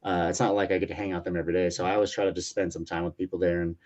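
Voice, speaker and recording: Brief: man in his thirties, low-voiced, rapid, profane storyteller, rambling with fillers. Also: flat delivery, a little mellow. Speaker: UFC lightweight fighter, interview guest. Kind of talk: casual storytelling interview. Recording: muffled lo-fi audio.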